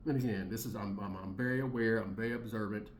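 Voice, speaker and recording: A man's voice: fairly low pitch, steady tone, quick pace, slight background noise. Blunt ranting man in his thirties. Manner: blunt, heated, repetitive, slangy. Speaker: commentary channel host. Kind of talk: blunt commentary rant.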